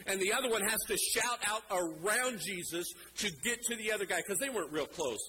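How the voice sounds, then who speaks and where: A male preacher delivering a sermon in a fairly high voice. He grows animated and acts out scripture, slowing down to stress key lines. A clear layer of noise runs under the recording. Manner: animated, acts out scripture quotes, slows for emphasis.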